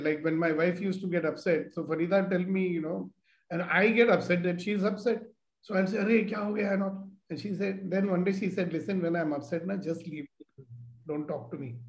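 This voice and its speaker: A middle-aged man with an Indian English accent hosting a casual self-growth conversation, animated and acting out quoted speech. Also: high-pitched, roomy sound, low-quality recording. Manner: animated, mixes in Hindi phrases, acts out quoted speech. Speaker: host.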